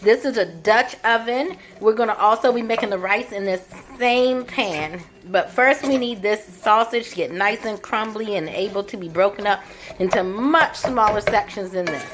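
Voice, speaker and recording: A woman's voice: medium pitch, moderate pace, background noise. A woman vlogging her home cooking, chatting through each step as she shows the food. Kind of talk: cooking demonstration.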